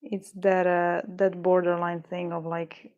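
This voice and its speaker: A woman's voice: lowish voice, level tone, a little slow, a little mellow, dull audio. A woman streaming live while she works on beadwork, muttering and rambling in frustration and swearing now and then. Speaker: livestreamer making beadwork. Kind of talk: casual livestream chat while crafting.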